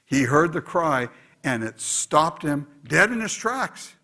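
Husky guy preaching, voice sits a bit high and jumps all over, goes quiet then loud. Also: slow pace. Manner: animated preaching, swings from quiet asides to loud exhortation. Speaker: pastor. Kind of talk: sermon.

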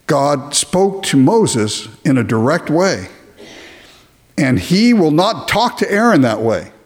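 A man preaching a sermon, animated and chuckling often, acting out little dialogues in his talk. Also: a little high. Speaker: pastor.

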